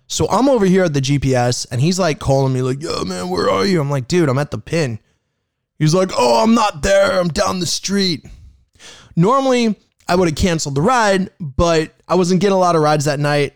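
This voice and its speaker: Recorded dry and close, a man who drives rideshare spins a casual, animated tale full of profanity, performing each bit of dialogue himself. His pitch sits high and leaps about constantly.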